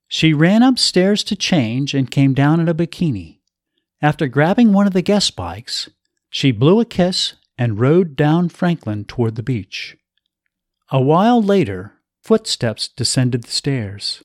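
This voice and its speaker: Slow, expressive male storyteller. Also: a little high, no echo, clean studio sound. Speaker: narrator. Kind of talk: story reading.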